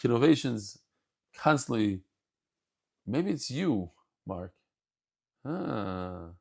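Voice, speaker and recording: Brief: male Talmud teacher, lively and jokey, plays out the text's dialogue. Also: medium pitch, very slow, gravelly. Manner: animated, jokey asides, acts out dialogue. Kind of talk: daily Talmud class.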